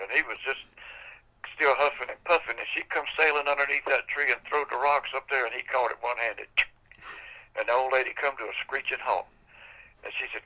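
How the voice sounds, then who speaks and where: A man's voice: medium pitch, sharp tone, low-quality recording. An older man telling a folk tale on a podcast in a folksy, casual way. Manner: folksy, casual, drawling storytelling. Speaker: storyteller.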